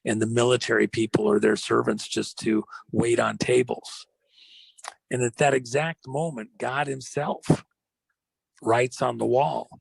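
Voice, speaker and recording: Guest storyteller, male, gravelly and husky, with a rambling, dramatic delivery. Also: mid-range voice, no room sound, low-quality recording. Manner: rambling, with many fillers and dramatic slowdowns.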